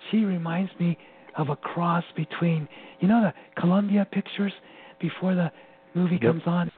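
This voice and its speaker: Animated man telling a story over phone. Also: high voice, normal speed. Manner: animated, laughs often while telling. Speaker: interview guest. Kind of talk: personal storytelling. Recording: tinny phone-line sound with faint hum.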